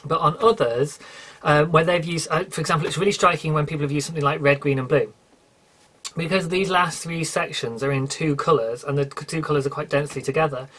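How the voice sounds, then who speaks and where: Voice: mid-range voice, fairly even intonation, a little fast, a bit bright, a little hiss or hum. British solo podcaster, chatty, rambling, self-correcting. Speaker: podcast host. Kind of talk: casual solo podcast chat.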